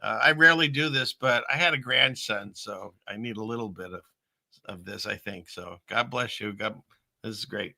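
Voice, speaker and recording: A man's voice: on the low side, moderate pace, creaky, bright, forceful tone, no echo. A middle-aged man hosting a casual talk show, rambling and laughing often as he chats. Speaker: host.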